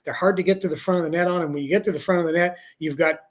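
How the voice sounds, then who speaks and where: A middle-aged man appearing as a hockey broadcaster guest, breaking down a team in a steady, friendly way. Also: high voice, very fast. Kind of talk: casual sports chat.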